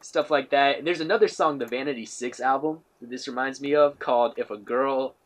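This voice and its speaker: A man's voice: medium pitch, fairly quick. A man as a guest on a music podcast, telling loose, enthusiastic stories with easy fillers. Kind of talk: casual music discussion.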